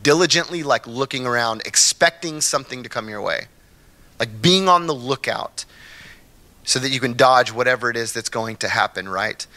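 A man preaching a casual, conversational sermon as pastor, often checking in with his listeners and acting out the people in his stories. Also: medium pitch. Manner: animated storytelling, acts out quotes; frequent tag questions like "right?" and "okay?". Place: church.

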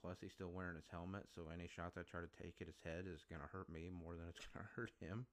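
A low-voiced man hosts a solo podcast, ranting bluntly and swearing freely. His delivery is casual, opinionated and irritated. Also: steady tone, fast talker, a little hiss or hum. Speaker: podcast host.

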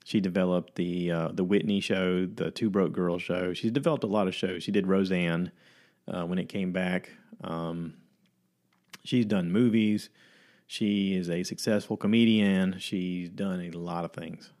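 A man telling a long story in a casual chat, animated and acting out the quoted voices. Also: low-pitched, unhurried.

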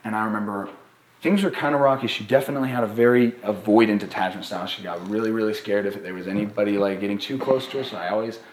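A young man, a therapist and co-host, talking casually on a live podcast. He tells stories in an animated way and keeps checking in with "right?". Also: fairly low pitch, fast. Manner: animated storytelling, many "right?" tags. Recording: roomy echo.

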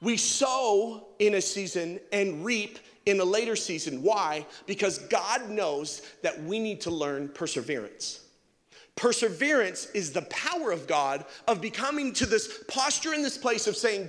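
A man's voice: sits high, expressive, a little slow, a bit bright. A man preaching a sermon as pastor, impassioned and calling out to the congregation for responses. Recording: long reverb of a large hall.

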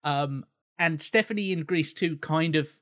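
A man's voice: a little high, unhurried, fairly bright tone. A man co-hosting a casual film podcast, thinking aloud with many restarts and the odd swear. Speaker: podcast co-host. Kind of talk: casual film commentary chat.

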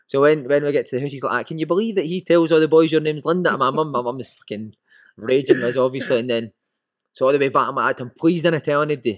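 Fast-talking Scottish man telling a story. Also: mid-range voice, no room sound, clean studio sound. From Scotland. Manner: animated storyteller, swears freely, acts out quotes. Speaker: former footballer guest. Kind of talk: casual anecdote telling.

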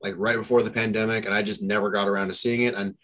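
A man's voice: fairly low pitch, little pitch movement, quick pace, a bit bright. A man in a casual movie chat who talks in a chatty, hedging way and keeps filling in with "I mean" and "you know".

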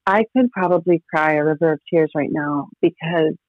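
A woman in her thirties, guesting on a podcast, tells personal stories in a casual, rambling way, packed with "like" fillers. Her voice is low-pitched at a moderate pace, heard over a tinny, phone-like line that's dry.

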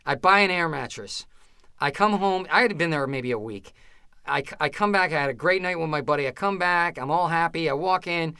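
A man with a bright, forceful voice, a little higher than most men. He tells a story with animation and jumps into the voices of the people in it. The sound is dry and close. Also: a little fast, clear, resonant tone, no echo. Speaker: comedian guest. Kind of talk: casual storytelling interview.

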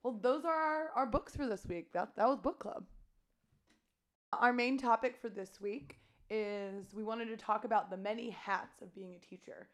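A woman teacher co-hosting a podcast, talking casually with lots of "like" and quick asides. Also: on the high side. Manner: chatty, heavy use of "like", quick asides. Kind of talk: casual chat.

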